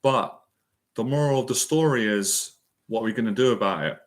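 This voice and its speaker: A man with a medium-pitched voice speaks a little fast in a motivational monologue. As an anxiety and confidence mentor, he's earnest and emotional, repeating phrases for emphasis.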